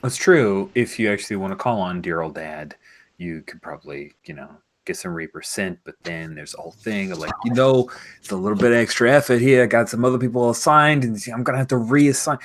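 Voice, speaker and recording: A man's voice: sits low, expressive, brisk, hardly any pauses. A man doing a mafia-boss underworld god. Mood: breezy. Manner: breezy, put-upon, drawling mob talk. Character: god of the dead as a smooth mafia boss, male, middle-aged.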